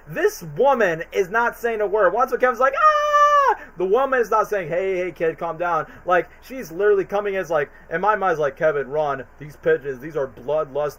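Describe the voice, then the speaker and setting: A man streaming casual commentary, retelling movie scenes in a rambling, animated way with quick put-on voices. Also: high-pitched, low-quality recording.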